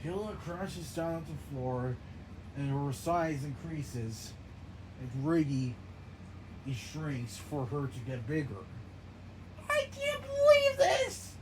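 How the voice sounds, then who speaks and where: A man improvising a game narration in an excitable, stumbling way, often restarting his phrases. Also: mid-range voice, takes it slowly. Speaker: gameplay narrator. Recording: noisy background.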